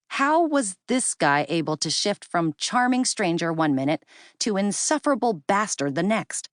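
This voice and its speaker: A woman's voice: low-pitched, dry recording, studio quality. A woman narrating a first-person audiobook in a feisty, indignant manner.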